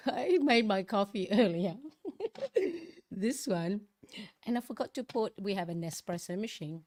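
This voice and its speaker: A chatty woman hosting a casual live stream, greeting each viewer by name and laughing often. Her voice is a little croaky this early in the morning, and she talks easily and warmly to the chat. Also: medium pitch, lively intonation, normal speed.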